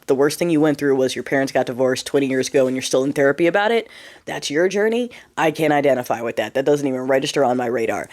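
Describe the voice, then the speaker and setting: Candid woman in her forties, storytime vlog. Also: extremely low pitch. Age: 40s. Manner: candid, exasperated, animated storytelling. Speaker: vlogger. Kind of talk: casual storytime monologue.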